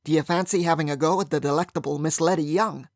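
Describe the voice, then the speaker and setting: A man voicing a mischievous, teasing young gentleman in an audiobook. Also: a little high, steady tone, quick pace, no room sound, studio quality, close to an everyday voice. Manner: teasing, playful.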